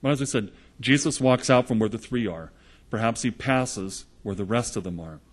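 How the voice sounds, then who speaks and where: Husky-voiced man preaching a sermon. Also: mid-range voice, moderate pace. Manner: earnest storytelling, retelling gospel scenes in the present tense.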